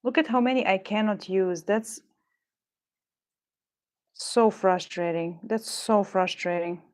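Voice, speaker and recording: With a medium-pitched voice and a slow pace, a woman chats on a livestream while beading. She mumbles her frustrations, rambles, and swears now and then.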